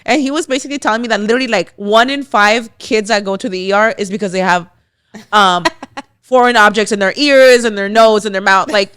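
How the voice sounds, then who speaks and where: A young woman co-hosting a podcast, telling a story in a casual, animated way, full of "like" and quoted voices. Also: medium pitch, brisk, clean tone, dry recording. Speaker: podcast co-host. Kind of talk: casual chat.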